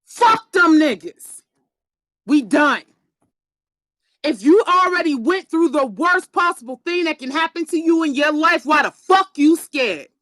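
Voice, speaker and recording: Very high-voiced woman ranting bluntly. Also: animated, measured pace, dry recording. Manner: blunt, profane and preachy, with emphatic shouting. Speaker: motivational live-streamer. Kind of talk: profane motivational rant on a live stream.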